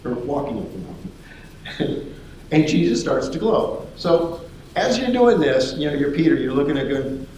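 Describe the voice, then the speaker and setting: A man preaching a sermon as lively storytelling, acting out the voices of the people in his story. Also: medium pitch, moderate pace, slight background noise. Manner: animated storytelling, acts out voices. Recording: echoey hall.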